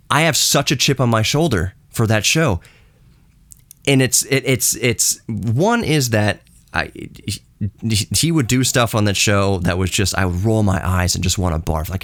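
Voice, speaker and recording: A man in his late thirties hosting a podcast. He rants in a casual, blunt and sarcastic way, and his voice leaps high in disbelief, then drops low for asides. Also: dry recording. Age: late 30s. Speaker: podcast host. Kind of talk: casual ranting monologue.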